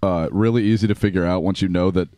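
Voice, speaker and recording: A man's voice: deep voice, steady tone, fast, dark tone, dry recording, studio quality. A man guesting on a casual talk show, telling profane anecdotes and laughing through them. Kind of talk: casual chat.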